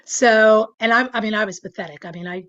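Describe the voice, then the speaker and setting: A woman's voice: medium pitch, a little fast, a bit bright. Woman, sixties, chatty storyteller, interview guest, many fillers, dull recording. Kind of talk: casual storytelling.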